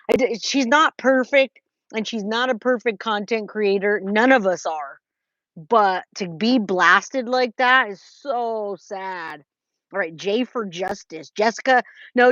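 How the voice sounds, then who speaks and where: A woman's voice: mid-range voice, unhurried, a bit bright, dry recording. A woman hosting a casual livestream, chatting with viewers and greeting them by name, with lots of restarts. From California. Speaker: livestream host reading chat. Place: trailer. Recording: dry, slightly dull lo-fi sound.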